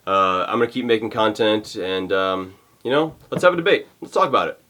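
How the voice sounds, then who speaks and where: A man's voice: fairly low pitch, a little fast, pushed and bright. A male vlogger ranting to camera, fired up and exasperated, often repeating himself. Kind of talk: heated rant to camera.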